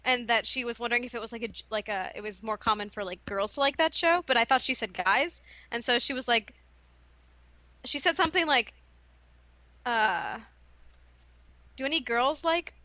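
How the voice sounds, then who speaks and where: A young woman in casual conversation, laughing at her own embarrassments as she talks. Her voice sits a little high and bright. The sound is close and dry, with no room in it. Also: brisk, no echo. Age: young adult. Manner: giggly, self-deprecating storyteller. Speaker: podcast co-host. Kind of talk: casual chat.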